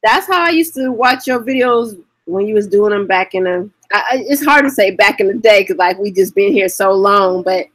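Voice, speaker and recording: A woman co-hosting a casual chat, telling lively stories and cursing freely. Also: medium pitch, normal speed, hardly any pauses, no room sound. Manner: lively storyteller, curses freely. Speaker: co-host.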